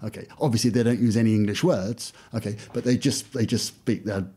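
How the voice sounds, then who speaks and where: A man's voice: on the low side, steady tone, fairly quick, warm tone, husky. A man who teaches English, talking casually in an interview and acting out classroom exchanges, with lots of "you know" fillers.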